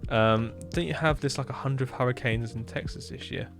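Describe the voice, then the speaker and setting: A man's voice: medium pitch, moderate pace, over music. Chatty man with a Hampshire accent. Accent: Hampshire English. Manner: chatty, laughs often, reads out chat. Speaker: livestreamer. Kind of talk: casual live-stream chat.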